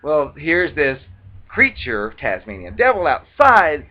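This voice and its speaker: Animated man telling a story, lo-fi. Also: on the high side, slow. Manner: animated, acts out quoted voices dramatically. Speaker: video blogger. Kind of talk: casual storytelling monologue. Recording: dull lo-fi recording.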